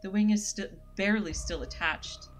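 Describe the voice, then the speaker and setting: A woman's voice: medium pitch, moderate pace, soft background music. A woman streaming a horror visual novel, chatting and reading the text aloud. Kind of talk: casual game narration.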